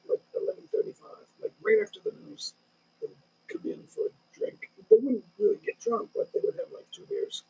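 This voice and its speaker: A man's voice: very high-pitched, creaky, dark tone, poor audio. A man in his sixties hosting a casual live stream from home, rambling loosely through stories with many restarts. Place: home in the Philippines.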